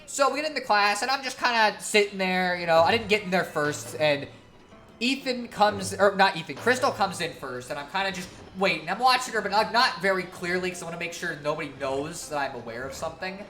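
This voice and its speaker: Animated woman telling a story. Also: on the low side, fairly quick, soft background music. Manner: animated, profane, laughing storyteller. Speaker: streamer. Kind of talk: casual storytelling on a game stream.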